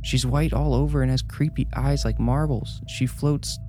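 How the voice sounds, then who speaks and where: A frightened little girl in a story reading, whispering hoarsely through tears, as a man puts her on. Her voice sits well above the reader's own low register. Music plays steadily underneath. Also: fairly even intonation, moderate pace, a little mellow, lightly acted. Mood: frightened, tearful.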